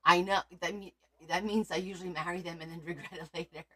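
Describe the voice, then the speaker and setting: A woman's voice: on the low side, steady tone, fast talker, sharp tone. Chatty woman crafter on a livestream. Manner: chatty, emotional, shows crafts to viewers. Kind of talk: casual livestream chat.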